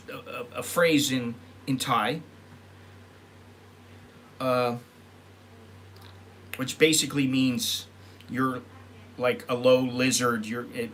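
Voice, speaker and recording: A middle-aged American vlogger tells stories in a loose, casual monologue, frequently correcting himself and acting out what people said. His mid-range voice has a fairly bright tone, with a little hiss or hum on the recording.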